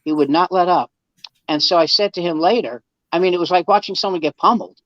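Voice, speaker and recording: A man's voice: high-pitched, fast, a bit bright, no echo. A man, a comedian guest, telling anecdotes in casual chat and acting out the quoted dialogue, with many restarts. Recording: dull dry lo-fi sound.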